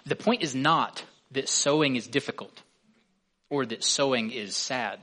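A man's voice: medium pitch, measured pace, sharp tone. A man preaching a sermon as a pastor, earnest, with his voice swelling on key words.

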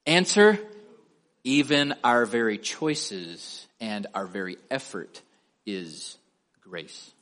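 A man preaching a sermon, asking his listeners rhetorical questions and slowing down to stress key words at the ends of his sentences. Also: fairly low pitch, expressive, a bit bright.

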